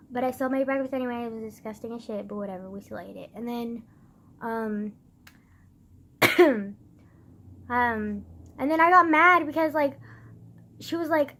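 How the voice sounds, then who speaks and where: A woman's voice: sits high, normal speed, pauses often, fairly bright tone. A teenage girl telling a story to the camera as a casual rant, with lots of fillers and swearing. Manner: swears a lot, many fillers, venting. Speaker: vlogger.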